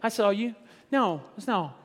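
A middle-aged man preaching a sermon in a conversational style, dropping to a hush and then building loud, with teasing asides to the congregation. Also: sits high, expressive, measured pace. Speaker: pastor. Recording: long hall reverb.

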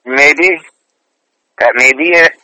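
A man sits as a guest on an interview, telling his stories in an earnest, chatty way. His voice is very bright and forceful, and it sounds dry and close with no room behind it. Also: on the high side, slow, dry recording, rough recording. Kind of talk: casual interview storytelling.

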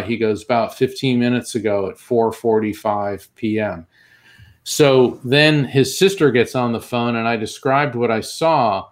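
A man who is a guest on an interview show and tells a long story vividly, acting out the voices of the people he quotes. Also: mid-range voice. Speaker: guest, medium.

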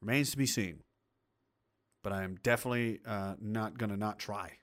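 A man's voice: lowish voice, moderate pace, a bit bright. A man hosting a livestream, ranting in crude, mocking, blunt commentary and reading out viewer comments. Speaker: livestream host reading chat.

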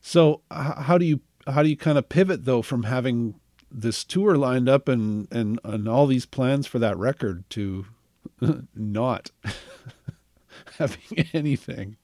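A man's voice: mid-range voice, slow pace, a little mellow, dry recording, clean studio sound. Chatty man interview host. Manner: encouraging, chatty, laughs easily. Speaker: podcast host. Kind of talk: interview conversation.

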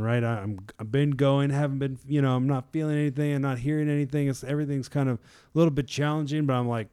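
A man's voice: mid-range voice, steady tone, fast talker, dark tone, smooth. A man giving a casual devotional reflection in a rambling, conversational way, with many fillers and restarts and frequent chuckles. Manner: chuckles often. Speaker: devotional speaker.

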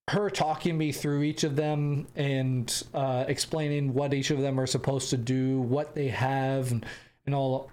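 A young American man hosts a podcast in a mid-range, darkish voice. He tells a travel story casually, rambling, restarting his sentences, and breaking into bursts of laughter.

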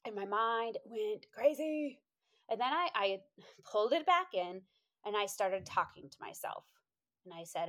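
Animated woman telling a story. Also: normal speed. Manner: animated, quotes herself in high voices, laughs often. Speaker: inspirational speaker. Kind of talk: storytelling monologue, motivational.

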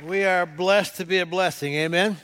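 A man's voice: sits high, fairly even intonation, moderate pace, fairly bright tone, some chatter behind, a little hiss or hum. A male pastor preaching a sermon, talking casually and coaxing the congregation to read scripture aloud with him. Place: church sanctuary. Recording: long hall reverb.

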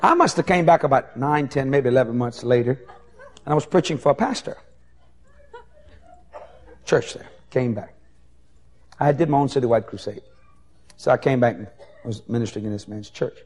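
A man preaching a sermon as an evangelist, telling folksy anecdotes in an animated way. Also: mid-range voice, moderate pace, long pauses. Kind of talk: sermon storytelling.

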